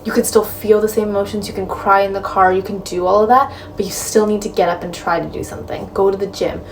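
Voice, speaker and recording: A woman's voice: mid-range voice, steady tone, fast talker. A woman giving frank, direct breakup advice in a casual talk, filling her speech with "like" and "right?". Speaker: advice vlogger. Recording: slightly distant mic with faint room noise.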